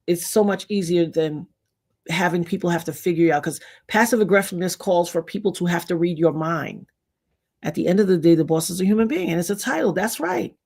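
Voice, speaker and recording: Brisk, creaky and slightly rough, a woman's voice carries a casual livestream where she reads viewer comments. She laughs through blunt, emphatic, slang-filled stories, with big swings in pitch and loudness.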